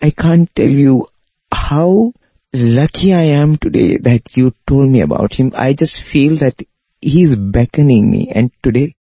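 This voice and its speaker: A man voicing an emotional, burly German man, talking in a raised, rushing, earnest voice. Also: mid-range voice, sing-song, mellow, husky, no echo, voice pushed up, heavily acted. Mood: overwhelmed. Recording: dull lo-fi recording.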